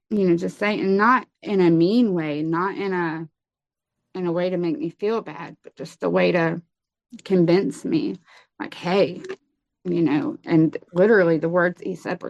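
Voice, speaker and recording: A woman telling her personal story in an interview, halting and full of fillers and restarts. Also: on the low side, fairly even intonation, gravelly, no room sound. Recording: dull lo-fi sound.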